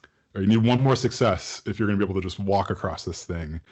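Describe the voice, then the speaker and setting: A man's voice: low voice, fast, darkish tone. A man running a tabletop game as game master, describing scenes loosely with many fillers.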